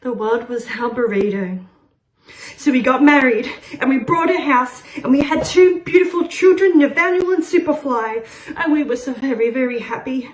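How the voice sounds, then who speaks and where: A woman giving a comic spoken-word performance, rambling through an absurd story with frequent laughs, loud shouts and quiet muttered asides. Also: high voice, moderate pace, a little hiss or hum. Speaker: open-mic performer.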